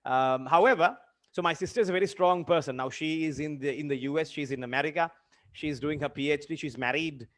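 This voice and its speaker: A young man in his twenties, a teacher telling a personal story in a lesson, earnest and halting with many fillers and repeated phrases. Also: on the high side, a bit bright. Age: 20s. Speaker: literature teacher.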